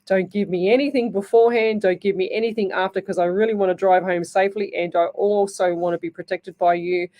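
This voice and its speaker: A woman's voice: fairly low pitch, mellow. An Australian woman hosting live radio as a psychic medium, chatting and rambling through stories with lots of fillers, from a radio studio.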